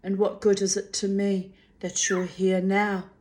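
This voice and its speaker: A woman voicing a weary, bitter woman in a storybook reading, shrill and scolding, her voice cracking. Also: completely flat delivery, measured pace, darkish tone, natural voice. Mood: anguished.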